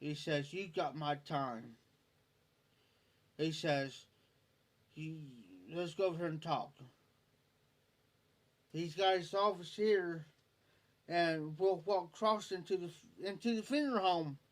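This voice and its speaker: A man hosting a live stream takes it slowly, with long pauses, in a voice on the high side. It's casual storytelling: a rambling personal tale where he keeps repeating himself and quoting what others said.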